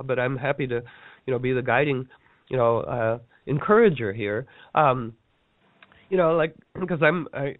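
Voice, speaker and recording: Man, workshop teacher, playful storyteller who acts out quotes; fairly high voice; thin phone-line sound. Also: no room sound. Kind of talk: casual storytelling talk. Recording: dry tinny phone-like line.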